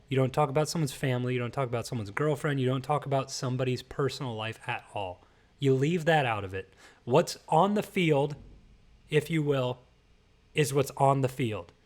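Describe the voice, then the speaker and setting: Emphatic man lecturing on a podcast. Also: medium pitch. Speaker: podcast host. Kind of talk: casual commentary rant.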